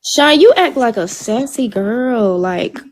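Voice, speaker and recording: A woman's voice: a little high, expressive, takes it slowly. A young woman from Florida, calling in to a livestream, blunt and teasing. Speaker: caller. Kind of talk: casual call-in chat.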